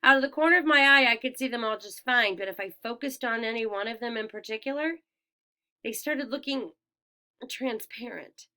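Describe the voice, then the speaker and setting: A woman narrating a first-person audiobook in a clear, expressive storytelling manner. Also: a little high, normal speed. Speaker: audiobook reader.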